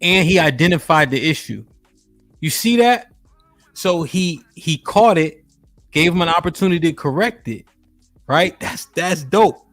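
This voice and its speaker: A man's voice: on the high side, animated, unhurried, fairly bright tone, faint music behind. A man hosting a live stream, talking casually and greeting chat viewers by name while he breaks down a video. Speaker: streamer host reacting to a video.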